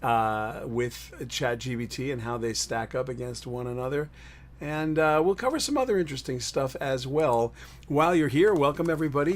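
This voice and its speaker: Male host for a live web show, loose and chatty, greets viewers, average pitch. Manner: rambling, greets viewers in chat. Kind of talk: upbeat live-stream chat. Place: in New York City.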